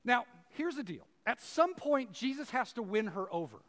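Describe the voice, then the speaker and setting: High-voiced man preaching in a reverberant hall. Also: normal speed. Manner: casual and animated, acts out voices, many fillers. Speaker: preacher and professor. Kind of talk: conversational sermon. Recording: long reverb of a large hall.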